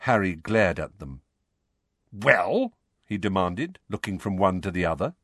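A man narrating a storybook with expressive storytelling. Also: deep voice, moderate pace, no echo, clean studio sound. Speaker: audiobook narrator. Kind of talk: scripted narration.

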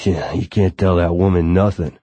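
A man voicing a gruff older male bouncer, a former heavyweight boxer, coarse and contemptuous. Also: deep voice, fairly even intonation, normal speed, dark tone, dry recording.

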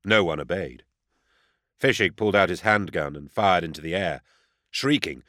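A man reading a first-person audiobook in a steady, even storytelling manner. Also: deep voice, dry recording, studio quality. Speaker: audiobook narrator.

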